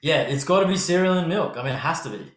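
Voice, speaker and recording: A man's voice: on the high side, lively intonation, fast. An Australian man hosting a podcast, rambling casually, swearing freely and laughing often. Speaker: podcast host. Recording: roomy echo.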